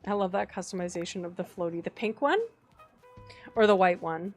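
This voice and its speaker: A woman's voice: lowish voice, steady tone, fairly quick, soft background music. A woman streaming a game, chatting casually and gushing over her decorating, squealing when something looks cute.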